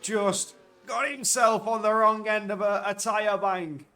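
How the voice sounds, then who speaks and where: A man giving live commentary on an online sim race, getting loud and excited at crashes and overtakes. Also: high voice, unhurried.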